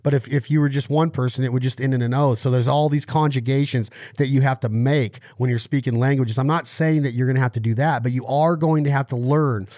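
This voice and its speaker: A man hosting a casual podcast interview, explaining at length in animated bursts. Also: mid-range voice, brisk, hardly any pauses, no echo, studio quality. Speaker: podcast host.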